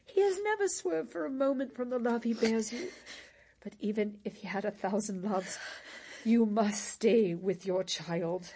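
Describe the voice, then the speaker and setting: A woman's voice: fairly high pitch, unhurried, mellow, breathy edge. An actress playing a worldly woman with a shameful past, pleading urgently and with passion in a stage drama. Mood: impassioned.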